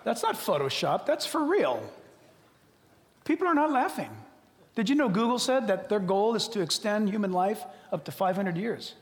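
A male pastor with a high voice preaches at a moderate pace in a large hall. He is animated, acting out both sides of imagined conversations and dropping to whispers.

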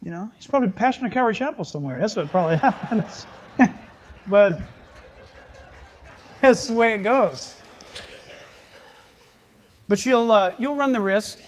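Older male pastor, high voice, lively storytelling sermon delivery. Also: normal speed, long pauses, slight background noise. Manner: animated, jokey storyteller with rising excitement.

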